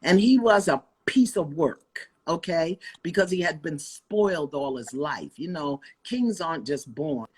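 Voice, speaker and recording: An older woman preaches with fiery emphasis over a phone video call. Her husky voice leaps up and down in pitch, punchy outbursts alternating with low, gritty asides. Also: animated, unhurried, hardly any pauses, darkish tone. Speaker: guest author and life coach. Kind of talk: impassioned preaching-style talk on a live video call. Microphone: phone on a live video call.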